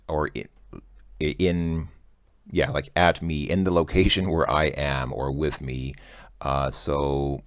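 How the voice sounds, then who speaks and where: Very deep-voiced man teaching casually. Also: no room sound, clean studio sound. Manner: chatty, joking, thinking aloud. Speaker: language teacher. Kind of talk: casual explaining lesson.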